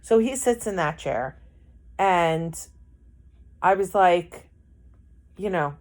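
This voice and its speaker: A woman telling a personal story out loud. Her delivery is emotional and rambling, with frequent false starts and repeated words as she works through what happened. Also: lowish voice, animated, takes it slowly, long pauses.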